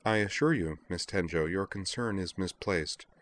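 A man voicing a composed female android girl who speaks flatly and calmly, in a storybook reading. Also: low voice, moderate pace. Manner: flat, calm, emotionless.

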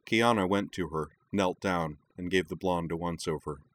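Low-voiced male narrator reading a story steadily. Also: normal speed. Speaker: audiobook narrator. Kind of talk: scripted narration of fiction.

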